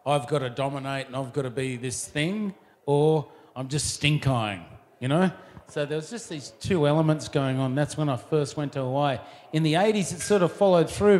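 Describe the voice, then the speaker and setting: A man looking back on his surfing years in relaxed, rambling casual talk with many fillers. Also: mid-range voice. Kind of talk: casual reminiscing.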